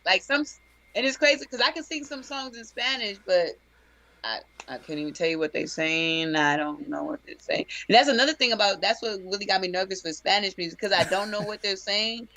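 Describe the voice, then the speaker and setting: A woman from Texas, a DJ, answering interview questions casually and telling stories in a relaxed way. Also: medium pitch, brisk. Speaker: DJ and interview guest.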